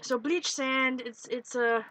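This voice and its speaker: Woman, art stream host, bright clear voice, slightly high, chatty and giggly, faint noise behind. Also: steady tone, slow pace, low-quality recording. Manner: chatty, giggly, talks to chat viewers. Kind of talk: casual live-stream chat while painting.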